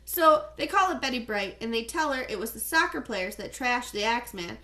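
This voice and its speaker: A woman reading an audiobook, voicing a cocky teenage boy soccer star who mocks and brags loudly. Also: fairly high pitch, lively intonation, a little fast. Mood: scornful. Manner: brash, mocking, loud.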